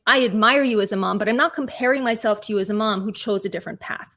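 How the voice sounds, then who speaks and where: A woman therapist speaking as an interview guest, explaining advice clearly and repeating key phrases. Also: mid-range voice, fast, fairly bright tone. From California.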